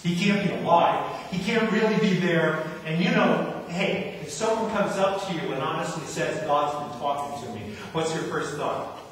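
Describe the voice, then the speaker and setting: A man's voice: fairly high pitch, normal speed, slight background noise. A man from New Jersey preaching a sermon as pastor, talking conversationally and acting out quotes. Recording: echoey hall, distant mic.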